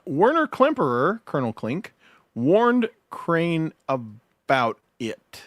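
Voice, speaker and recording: A man's voice: a little high, big pitch swings, takes it slowly, fairly bright tone, dry recording, studio quality. A man guest-hosting a casual livestream podcast, loose and swearing, with lots of uhs. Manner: loose, laughing, swears freely, many filler uhs.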